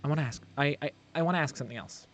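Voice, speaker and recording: A streamer voicing a young female adventurer in a flat, matter-of-fact, slightly impatient way. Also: mid-range voice, racing, slight background noise, lightly acted. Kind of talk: live-streamed game voice acting.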